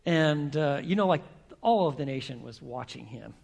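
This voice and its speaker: A man's voice: a little high, lively intonation, normal speed, gravelly, a little mellow. A male pastor preaching a sermon, telling stories and putting questions to the congregation. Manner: storytelling, asks the congregation questions.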